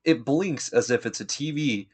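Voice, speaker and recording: A man's voice: medium pitch, moderate pace. A man giving a casual, enthusiastic recap of an anime episode, retelling scenes in laid-back, slangy talk.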